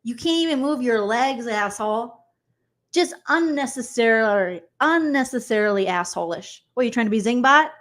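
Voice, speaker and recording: A young woman comedian doing a sarcastic, animated recap vlog, acting out people in mocking voices. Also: on the high side, normal speed.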